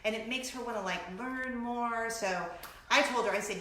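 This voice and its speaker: A middle-aged woman chats casually to camera as a vlog host, her bright, slightly high voice full of animated storytelling and laughter. She acts out little shrieks as she goes, in a room with a noticeable echo. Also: moderate pace. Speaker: vlogger host.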